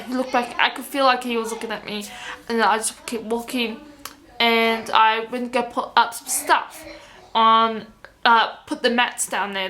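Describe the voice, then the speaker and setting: Higher-voiced woman telling a rambling story. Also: a bit bright, slight background noise. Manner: rambling, with many restarts and quoted dialogue. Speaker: vlogger. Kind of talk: casual storytelling to camera.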